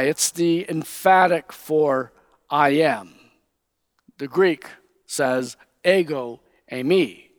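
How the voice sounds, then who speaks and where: A man preaching a sermon, teaching slowly and with emphasis, raising his voice when he quotes. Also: on the high side, no echo. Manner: slow, emphatic Bible teaching, quoting figures in raised voice.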